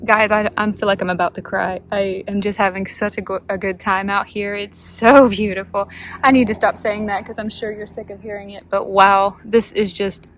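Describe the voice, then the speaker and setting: A woman's voice: medium pitch, level tone, normal speed, a bit bright, rough recording. A woman vlogging from a kayak on a creek, gushing and talking to her viewers. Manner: awed, gushing, talks to viewers. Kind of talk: kayaking vlog narration. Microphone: phone camera.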